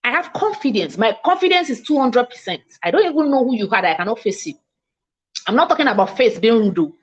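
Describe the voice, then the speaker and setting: A woman's voice: on the high side, very animated, husky. Upbeat Nigerian woman coaching, lo-fi. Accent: Nigerian English. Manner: emphatic and self-assured, repeats points; speaks fast, by her own account. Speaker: mentor and coach. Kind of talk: online mentoring session.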